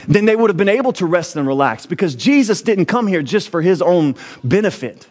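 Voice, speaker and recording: A man's voice: sits high, animated, fairly quick, few pauses, a little mellow. A man preaching a sermon as pastor, with rising emphasis and frequent restarts.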